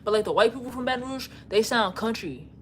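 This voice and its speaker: A woman's voice: on the high side, quick pace, a little hiss or hum. Slangy young Louisiana woman streaming. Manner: slangy, frank, rambling. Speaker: livestream host. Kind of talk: casual livestream chat reading comments.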